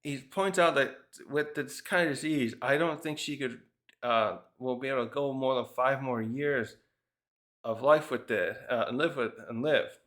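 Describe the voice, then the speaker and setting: A man talks through a manga chapter in a loose, conversational way. He wanders from point to point, thinking aloud, and often breaks off a sentence to start it again. His voice sits at an ordinary middle pitch. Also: normal speed, fairly bright tone. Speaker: manga reviewer. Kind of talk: casual review commentary.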